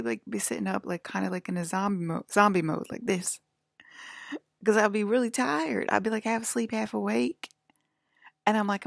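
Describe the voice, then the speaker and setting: A woman's voice: mid-range voice, a little fast, creaky, no echo, clean studio sound. A woman talking in a casual, rambling monologue, full of "like" fillers and drifting from topic to topic. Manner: offhand, drifts between topics.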